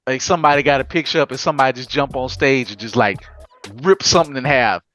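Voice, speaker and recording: A man hosting a casual anime podcast, telling it in an animated, slangy way with frequent laughs. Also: medium pitch, fast, faint music behind. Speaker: podcast host.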